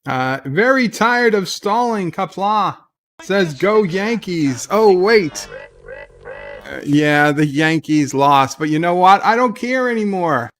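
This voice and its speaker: A man's voice: high voice, lively intonation, slow, fairly bright tone. A man hosting a casual livestream who reads out viewer messages and rambles with sardonic asides and frequent restarts. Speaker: livestream host.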